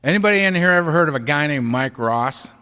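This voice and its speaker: A middle-aged man speaking to a recovery meeting, his pitch jumping high and low as he tells a self-mocking story. His voice is bright and forceful and rings out into a long hall reverb. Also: animated, fast talker, clear, resonant tone. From United States. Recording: hall reverb, live talk recording.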